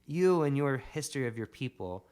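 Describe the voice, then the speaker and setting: A man's voice: medium pitch, animated, moderate pace, a little mellow, clean tone. A young adult man, a podcast guest, telling a rambling story in casual conversation with emphatic bursts.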